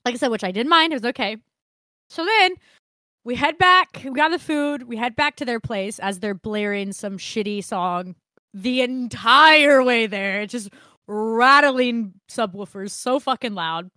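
A young woman co-hosting a podcast, telling a story in casual chat, animated, laughing often and swearing freely. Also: fairly high pitch, measured pace, no echo, clean studio sound. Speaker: podcast co-host.

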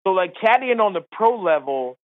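Man, high voice, animated storyteller, tinny phone line, dry sound. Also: moderate pace, no room sound. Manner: animated, laughing storyteller who acts out others. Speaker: podcast guest, former tour caddie. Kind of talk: storytelling in casual chat.

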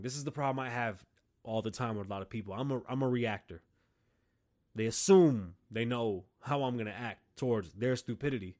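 A man's voice: medium pitch, brisk, darkish tone. A man hosting a podcast, delivering a blunt, profane, opinionated monologue with heated bursts. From Las Vegas, Nevada. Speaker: podcast host.

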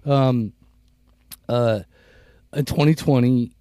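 A man in his fifties co-hosting a podcast, chatting casually in a rambling, reflective way with halting restarts. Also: medium pitch, fairly even intonation, mellow, dry recording, studio quality. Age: 50s. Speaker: podcast co-host. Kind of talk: casual chat.

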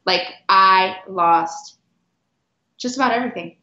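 A woman's voice: mid-range voice, pushed and bright. Earnest woman retelling a hard time, roomy. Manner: earnest, repeats herself, halting restarts. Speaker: guest. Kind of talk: emotional personal storytelling. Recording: roomy, dull lo-fi sound.

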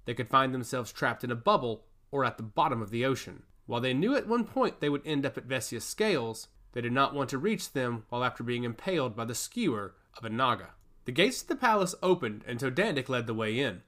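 Expressive male fantasy narrator. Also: mid-range voice, brisk. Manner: expressive storytelling.

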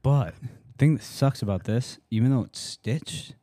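A man's voice: medium pitch, unhurried, warm tone, dry recording. A young man co-hosting a podcast, chatting casually and joking around. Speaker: podcast co-host. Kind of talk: casual chat.

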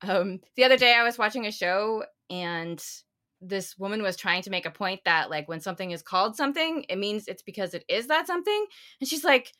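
A woman's voice: mid-range voice, fairly quick, bright, forceful tone. A woman co-hosting a podcast, chatting casually and rambling through long stories. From United States. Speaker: podcast co-host. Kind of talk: casual chat.

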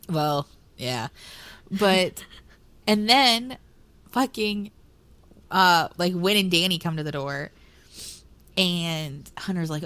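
A woman's voice: lowish voice, sing-song, measured pace, fairly bright tone. A woman co-hosting a book podcast in casual chat, laughing often and reading quotes aloud. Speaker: podcast co-host.

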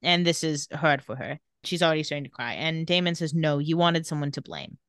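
A woman's voice: low voice, a little fast, no room sound, clean studio sound. A woman co-hosting a podcast, animatedly retelling TV scenes and quoting the characters' lines in casual chat. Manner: animated retelling with quoted dialogue. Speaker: podcast co-host recapping a TV episode.

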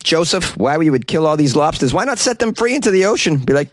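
A man's voice: fairly high pitch, big pitch swings, fast talker, few pauses, no room sound, clean studio sound. A man hosting a casual show who reads out odd news items and reacts with sarcastic jokes and casual swearing. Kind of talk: casual commentary on news stories.

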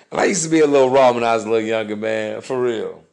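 A man's voice: mid-range voice, creaky, darkish tone. A man hosting a podcast, talking in a blunt, profane, preachy monologue full of slang. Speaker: podcast host. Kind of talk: casual monologue.

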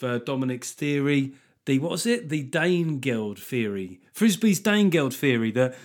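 A man hosting a podcast, ranting casually with a lot of swearing and mockery. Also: mid-range voice. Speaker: podcast host. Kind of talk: casual solo podcast monologue.

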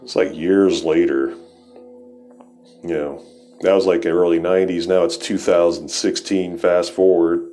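A man's voice: deep voice, fairly even intonation, unhurried, mellow, faint music behind. A man in his forties telling rambling, profane stories in a laid-back stoner way as the host of his show. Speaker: podcast host. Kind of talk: casual storytelling.

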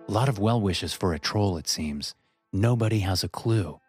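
Low-pitched male horror narrator, tense first-person telling, soft music under him.

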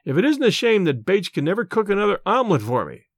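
A man's voice: high voice, big pitch swings, fast, no echo, clean studio sound, voice pushed up, heavily acted. Hearty old grandfather, read by a man. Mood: rueful. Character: jovial older grandfather, hearty and kindly.

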